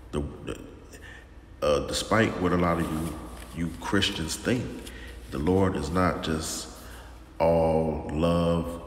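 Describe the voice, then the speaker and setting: A man preaching informally and sternly, talking slowly with lots of repetition and restarts. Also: extremely low pitch. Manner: slow and drawn-out, repeats himself, calls listeners "man", stern. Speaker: religious teacher. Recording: echoey room with long reverb and faint noise.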